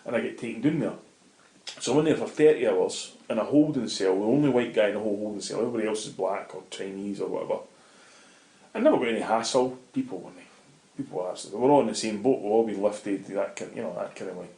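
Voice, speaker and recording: A man's voice: lowish voice, fast talker, mellow. A middle-aged Scottish man telling a vivid, swear-laden story as an interview guest in casual talk. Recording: roomy echoey room.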